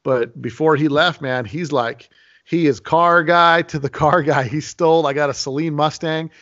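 A man in his forties talks like a host swapping stories, lively and animated, often tripping over his words and starting his sentences again. His voice sits a little high for a man. The recording sounds dull and muffled. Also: normal speed. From Las Vegas. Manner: animated storyteller, many restarts. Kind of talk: casual podcast conversation. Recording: lo-fi muffled audio.

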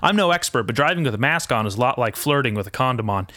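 A man's voice: mid-range voice, animated, quick pace, bright, forceful tone, no room sound. A man ranting in a rambling, foul-mouthed monologue as a podcast host, mixing indignation with self-deprecating asides. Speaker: podcast host and aspiring comedian.

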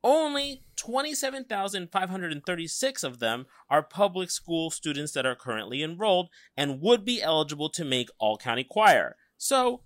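A man hosting a podcast, wrapping up a segment in a quick, teasing way. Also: on the high side, fairly bright tone, dry recording, studio quality. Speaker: podcast host. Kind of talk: casual podcast segment wrap-up.

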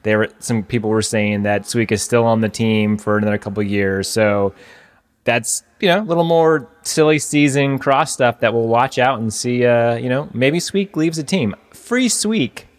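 A man's voice: medium pitch, moderate pace. A man co-hosting a casual chat, talking loosely and hedging with lots of fillers. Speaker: podcast co-host.

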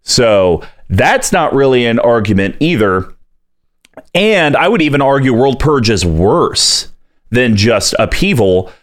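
A man lays out his argument in an animated voice, his pitch swinging widely. The delivery is chatty and quick to push back. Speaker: podcast host. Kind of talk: casual chat.

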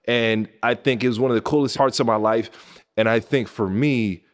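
A former NBA player in his thirties from Pasadena, California, now a podcast host, shares a personal story with his listeners at a moderate pace. He's animated, jumping up high when excited and going low and quiet when moved.

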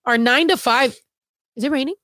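A woman's voice: high voice, a little fast, no echo, clean studio sound. A young woman co-hosting a livestream, talking bluntly and casually with lots of swearing. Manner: blunt, profane, animated. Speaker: livestream co-host.

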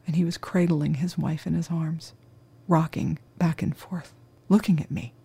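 Gravelly, dark-voiced true crime storyteller. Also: medium pitch, level tone, faint music behind. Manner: measured, solemn delivery.

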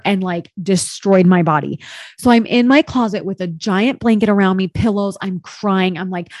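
A woman's voice: mid-range voice, normal speed, darkish tone, no room sound, studio quality. A woman in her thirties telling a personal story in casual chat, candid and chatty, with lots of "like" and some swearing.

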